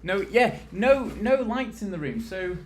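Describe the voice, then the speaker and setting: A man's voice: high-pitched, lively intonation, measured pace, a little hiss or hum. Chatty British man streaming a furniture build. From United Kingdom. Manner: chatty and rambling, laughs easily. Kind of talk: casual live-stream chat.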